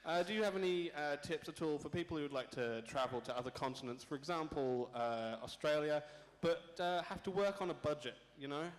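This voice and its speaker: Male audience member, rambling asker, a bit high, long hall reverb. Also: a little fast, hardly any pauses. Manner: rambling, apologetic, joking. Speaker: audience member asking a question. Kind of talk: live panel Q&A. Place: large convention hall.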